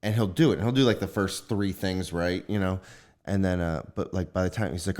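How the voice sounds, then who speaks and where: A man with a very low, deep voice tells a casual story on a podcast. He gets animated and acts out the lines he says to his young son. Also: fairly quick. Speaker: podcast co-host. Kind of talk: casual chat.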